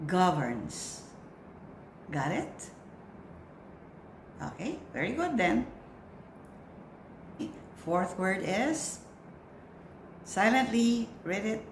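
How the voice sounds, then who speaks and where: A woman leads a pronunciation drill very slowly, with long patient pauses between her prompts. Her pitch sits a little low but swings widely from word to word. She sounds echoey, as if in a bare room, with a faint hiss behind her. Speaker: pronunciation coach for church lectors.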